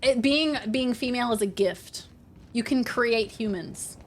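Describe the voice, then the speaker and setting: A woman's voice: a little high, unhurried. A young woman casually chatting with her stream chat while gaming, playful and sarcastic, swearing freely.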